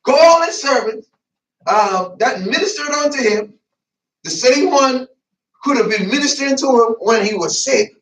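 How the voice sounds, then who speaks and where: A man preaching a sermon in a church, lively and colloquial, laughing and breaking into asides. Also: extremely high pitch, normal speed. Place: church sanctuary. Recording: echoey church, mic at a distance.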